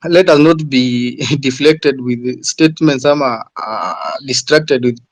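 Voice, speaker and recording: A man's voice: mid-range voice, slow pace, no echo, rough recording. A man with a Kenyan English accent speaking earnestly in a live audio room, hesitant with fillers. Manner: earnest, hesitant with many uh's, mixing Swahili. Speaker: caller on a live audio space.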